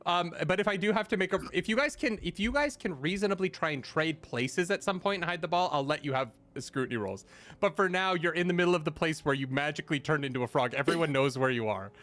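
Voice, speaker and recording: A man narrating as game master, animated and laughing, with many fillers. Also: a little high, quick pace.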